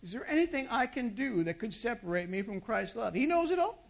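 A pastor delivering a sermon, moving from loud emphatic bursts to hushed intimate asides and asking the congregation rhetorical questions. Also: medium pitch, sing-song, a little fast, creaky.

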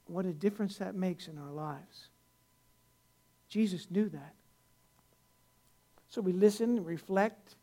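A man's voice: high-pitched, slow pace, pauses often, mellow. An older man, a pastor, preaching a conversational sermon in a folksy, rambling way, with many restarts, rising to earnest emphasis.

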